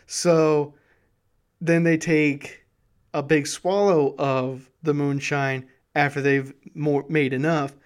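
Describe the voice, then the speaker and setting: Brief: male host, smooth clear voice, flat delivery, casual history storytelling. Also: on the high side, takes it slowly.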